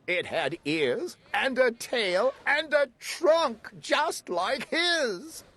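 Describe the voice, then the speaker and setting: A man reading a rhyming children's story aloud in an animated, sing-song way, acting out the characters. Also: extremely high pitch, extremely slow. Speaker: storybook reader.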